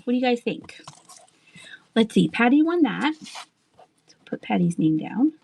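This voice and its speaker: A woman's voice: a little high, very animated, unhurried, vocal fry, a little mellow, husky. Chatty woman selling on a live stream. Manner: chatty, laughs often, thinks aloud; asides and trailing sentences. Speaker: live online seller. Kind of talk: live-stream sales chat.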